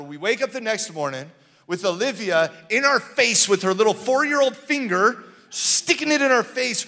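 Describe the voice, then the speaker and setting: A pastor in his thirties preaches a sermon in a high-sitting, bright, forceful voice. His style is loose and joking, full of fillers as he tells stories, and the church hall recording carries a long reverb.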